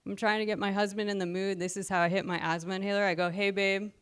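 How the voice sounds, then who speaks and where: A woman in her thirties performs stand-up with a smooth, clear voice. She sounds short of breath and mocks herself in a lively way, often laughing at her own jokes. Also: medium pitch, very fast. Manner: self-deprecating, animated, laughing at own jokes. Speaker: stand-up comedian. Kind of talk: stand-up comedy set.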